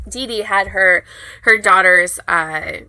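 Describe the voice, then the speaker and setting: A woman's voice: mid-range voice, takes it slowly, pushed and bright, clean tone, no echo, low-quality recording. A woman co-hosting a casual chat podcast, rambling, swearing casually and tripping over words. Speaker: podcast co-host.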